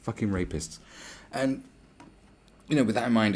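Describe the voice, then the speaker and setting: A man's voice: fairly low pitch, moderate pace, a little mellow, slight background noise. A man, hosting a podcast in a crude, blunt, rambling solo rant full of swearing and sarcasm. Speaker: podcast host.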